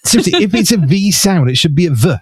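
A man's voice: high-pitched, animated, fast, breathy edge, no echo, studio quality. A man hosting a casual show, bantering in a grumbling, mock-indignant way. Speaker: host.

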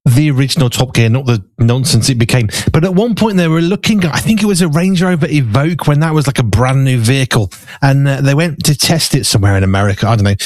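A man's voice: mid-range voice, animated, fast talker, a little mellow, no room sound. A middle-aged man with a Black Country accent, hosting a radio show with rambling, self-mocking chat between songs. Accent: Black Country English. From Black Country, England.

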